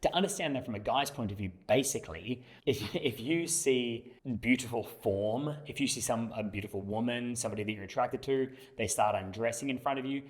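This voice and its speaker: A man's voice: medium pitch, a little fast. A young man as a dating coach, explaining emphatically and acting out examples. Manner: emphatic, illustrates with acted examples. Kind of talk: explanatory talk to camera.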